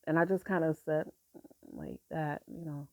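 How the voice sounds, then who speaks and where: A middle-aged woman telling a personal story in a halting, soft-spoken way, with many pauses. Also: low voice, wildly swooping pitch, gravelly, dry recording, clean studio sound. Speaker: grieving mother sharing her story.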